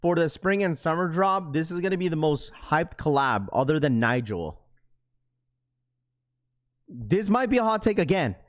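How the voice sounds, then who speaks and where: A man's voice: on the high side, animated, normal speed, pauses often. Young male streamer, loose and rambling, talking straight to his chat. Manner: rambling, talks to chat, reads comments aloud. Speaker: livestream host. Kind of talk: casual livestream chat with viewers.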